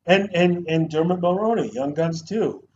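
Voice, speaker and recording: A man's voice: a little high, normal speed. Swearing man reviewing movies, lo-fi. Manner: animated, swears a lot, mimics actors. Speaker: co-host of a movie review show. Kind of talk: casual profane movie review chat. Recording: dull lo-fi sound with faint noise.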